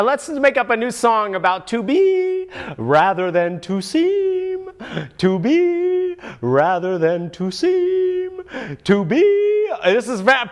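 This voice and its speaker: A man's voice: very high-pitched, a bit bright. A man voicing a wisecracking male monkey puppet in a comic political commentary, goofy and mocking, with sudden whooping outbursts. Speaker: puppet show host.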